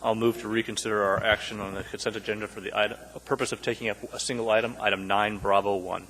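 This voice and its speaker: A man on a city assembly moves motions quickly in formal parliamentary wording. His voice is somewhat low and fast, and it echoes with long reverb over faint room ambience. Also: little pitch movement, fairly bright tone, slight background noise. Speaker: assembly member. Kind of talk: making motions.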